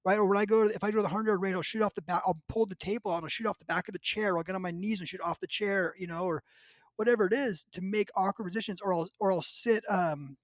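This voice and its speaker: A man with a high, light voice tells a story in casual podcast chat. He acts out what people said and often laughs as he goes. The sound is dry and close, with no room in it. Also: steady tone, fast, no room sound. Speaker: podcast host.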